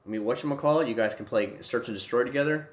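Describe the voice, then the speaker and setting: A young man hosts a casual livestream from a room at home. He rambles through viewer comments, stumbles and restarts his sentences, then jumps into loud, excited bursts. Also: medium pitch, fast. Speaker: livestream host. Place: home room with desk and gear.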